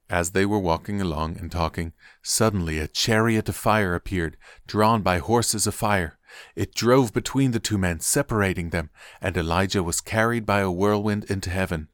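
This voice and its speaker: A man reading a Bible passage aloud as scripted narration, measured and deliberate. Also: deep voice, no room sound, studio quality. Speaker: Bible reader.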